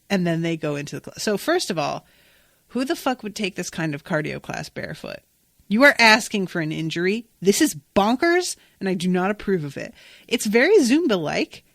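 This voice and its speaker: A woman's voice: fairly low pitch, animated, normal speed, a bit bright, no echo, studio quality. A woman hosting a podcast, recapping an episode in casual, enthusiastic, emphatic chat with some swearing. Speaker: podcast host.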